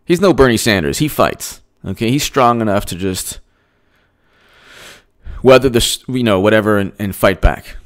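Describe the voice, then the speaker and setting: A man's voice: fairly low pitch, animated, normal speed, pauses often. A man doing solo political commentary, ranting and sarcastic, mocking people in put-on voices.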